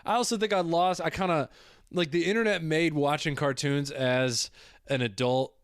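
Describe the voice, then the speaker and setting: A man's voice: on the high side, steady tone, normal speed, no echo, clean studio sound. A man in his twenties, a comedian guest, telling joking stories in casual chat and laughing often. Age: 20s.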